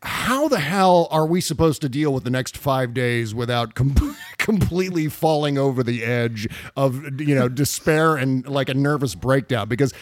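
A man's voice: medium pitch, lively intonation, moderate pace, hardly any pauses, no room sound, studio quality. A man hosting a casual panel chat, jokey and self-mocking as he puts questions to his guests. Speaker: podcast host.

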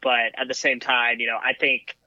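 A man's voice: medium pitch, level tone, normal speed, pushed and bright, no echo, dull audio. A man co-hosting a sports podcast, casually reading out stats and hedging his opinions. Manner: thoughtful, hedging, reads out stats. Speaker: podcast co-host.

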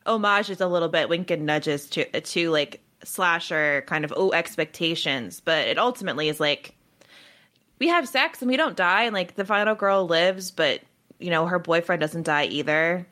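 A young adult woman co-hosting a podcast in casual chat, talking in an animated way with lots of swearing and "like". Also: lowish voice, moderate pace. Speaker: podcast co-host.

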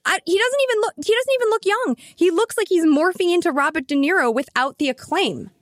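A woman's voice: very high-pitched, animated, brisk, dry recording, clean studio sound. A woman co-hosting a casual sports chat, running the segments with a bold, teasing manner. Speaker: podcast co-host.

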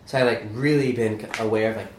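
A man's voice: fairly low pitch, steady tone, fast. A man telling a casual anecdote, hesitant and self-deprecating, with many fillers and restarts. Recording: echoey room, faint background hum.

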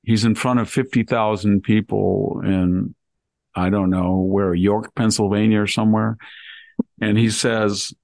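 Gravelly low-voiced older man. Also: steady tone, a little slow, a little mellow, no room sound. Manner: acts out quotes in mimicking voices. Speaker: podcast host. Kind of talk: casual political talk.

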